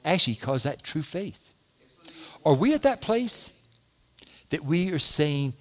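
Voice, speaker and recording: Male pastor, sermon delivery, animated and expressive, on the higher side. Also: unhurried, long pauses. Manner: animated preaching, reads scripture aloud, asks the congregation questions.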